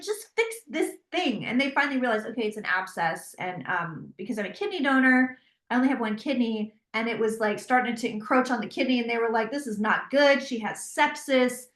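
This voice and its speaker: A woman guest in an interview, telling a personal story in a casual, animated way and quoting herself in dialogue. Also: sits high. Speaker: guest, psychic tarot reader. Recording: roomy echo.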